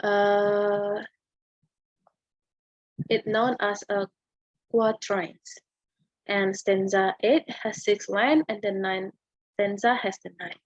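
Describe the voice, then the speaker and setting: A young woman with an Indonesian accent explains a poem for a class video, slow and unhurried, often hesitating. Her voice is a little husky. The recording is dry and dull, with a lo-fi sound. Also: medium pitch, dry recording. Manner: hesitant, many fillers and tag questions. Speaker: student presenter.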